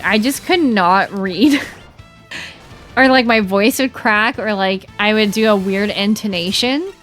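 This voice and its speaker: A young woman chatting casually while streaming a game, animated and giggly, with lots of "like" fillers. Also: medium pitch.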